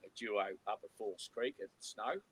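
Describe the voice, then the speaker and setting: A man's voice: on the low side, moderate pace, a bit bright, a little hiss or hum, low-quality recording. A man, a co-host and musician, telling rambling anecdotes in a casual chat, acting out quotes and restarting his sentences.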